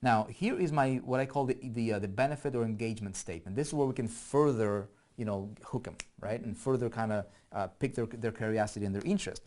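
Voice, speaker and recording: A man walks viewers through a screen-share lesson on online marketing, talking in an easygoing way as he works. He thinks aloud and keeps checking in with "right?" and "okay?". His voice sits at an ordinary middle pitch, with keyboard typing in the background. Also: fast, few pauses, darkish tone. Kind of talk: screen-share tutorial walkthrough.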